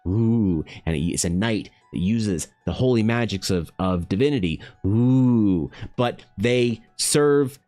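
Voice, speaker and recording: A man's voice: fairly low pitch, expressive, takes it slowly, few pauses, dark tone, soft background music. A man streaming his art and chatting casually, rambling with many restarts and filler words and greeting viewers directly. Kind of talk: casual live-stream monologue.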